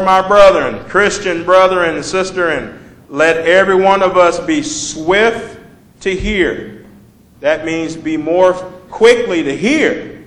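A man with a fairly high voice preaches in a loose, talky way, stopping to quiz his listeners and read out verses. The room around him rings with echo. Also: a bit bright. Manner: conversational, asks the congregation questions. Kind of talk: sermon.

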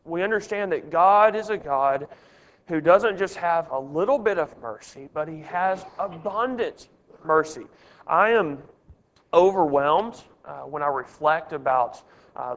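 A man's voice: fairly high pitch, fairly bright tone, big-room sound. Earnest man leading a Bible study. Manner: earnest, asks the group questions.

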